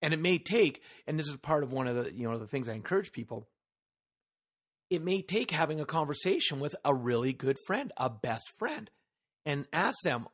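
A man hosts a solo motivational podcast, talking straight into his microphone with earnest emphasis. His voice sits a little high for a man. He poses one rhetorical question after another to the listener. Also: very animated, normal speed, a bit bright, breathy edge. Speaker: podcast host.

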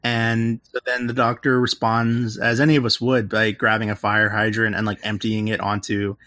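A man's voice: on the low side, monotone, normal speed, bright, forceful tone, no echo. A man in casual podcast chat, retelling a film's plot in a loose, rambling way, full of "like" and "um" and his own laughter. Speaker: podcast co-host recapping a film.

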